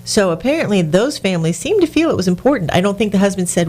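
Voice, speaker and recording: A woman's voice: mid-range voice, very animated, quick pace, hardly any pauses, dark tone, husky, soft background music. A woman hosting a business radio talk show, indignant and sarcastic, with frequent restarts.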